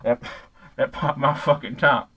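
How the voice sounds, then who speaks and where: A man's voice: mid-range voice, steady tone, unhurried, a bit bright, husky, poor audio. A man playing a hot-headed, ignorant ranter. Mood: angry rant. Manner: profane, rambling, stumbling over his own words. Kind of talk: comedic character monologue.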